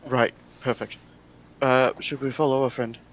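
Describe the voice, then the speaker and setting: A man's voice: medium pitch, level tone, a little slow, rough recording. A man playing a tabletop role-playing game, describing his character in an easygoing way. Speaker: player. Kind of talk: casual tabletop play.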